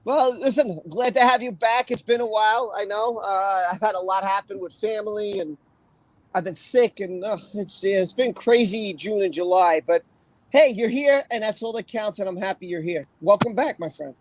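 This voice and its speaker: A man's voice: sits high, normal speed, dry recording, poor audio. A man hosting a live stream, chatting casually and joking as he thanks viewers. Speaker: host.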